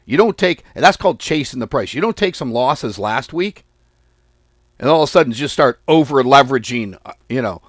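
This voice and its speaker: A male trading host speaks in casual, blunt commentary, exasperated with his audience and not shy about swearing. His delivery is animated, with pitch swinging widely from line to line. The sound is close and dry, with no room around it. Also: a little fast, no room sound. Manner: lively, swings pitch and volume. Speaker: forex trading channel host. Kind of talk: casual market commentary to viewers.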